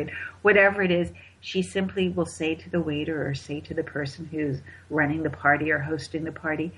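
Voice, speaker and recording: A woman host giving motivational holiday advice, emphatic and repeating her key points, with a husky voice. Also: deep voice, steady tone, brisk. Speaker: wellness host. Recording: dull lo-fi recording.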